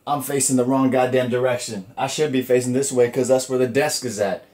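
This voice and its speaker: Brisk and steady, a medium-pitched man with a slightly mellow voice hosts a solo comedy podcast. His talk is casual and profane, packed with fillers and restarts.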